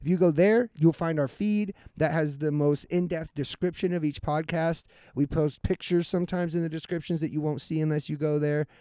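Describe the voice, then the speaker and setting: Casual male podcast host, slightly high voice, loose and profane, dry close recording. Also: steady tone, normal speed, hardly any pauses, dark tone, smooth, no echo. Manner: laid-back, swears often, laughs easily. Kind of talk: casual podcast chat and outro.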